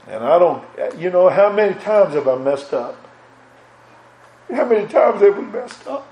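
A man's voice: sits high, very animated, normal speed, a little mellow, reverberant, dull audio. A man preaching a sermon in an impassioned cadence that swells and drops.

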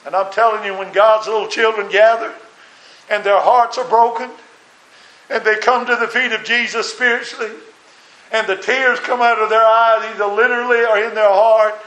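Preacher man, earnest and folksy, high voice, echoey church. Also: fairly even intonation, moderate pace, sharp tone. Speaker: pastor. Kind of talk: sermon. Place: church sanctuary.

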